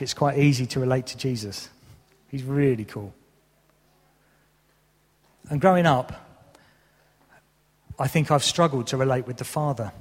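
Speaking at medium pitch with a slightly rough voice, this thirty-something preacher delivers his sermon frankly, poking fun at himself with a bit of humor. The church hall adds a long reverb.

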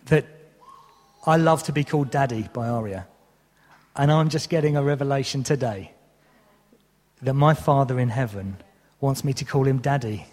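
Speaking at a moderate pace in a mid-range, slightly mellow voice, a man in his thirties delivers a sermon in a church hall. The long hall reverb carries his candid, self-deprecating and occasionally humorous remarks.

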